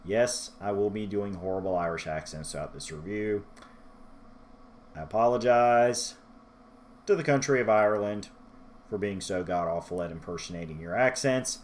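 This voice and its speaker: A man's voice: fairly low pitch, moderate pace, slight background noise. A man talking through a book review in a rambling, self-deprecating vlog style. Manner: rambling, self-deprecating, loses his place in his notes.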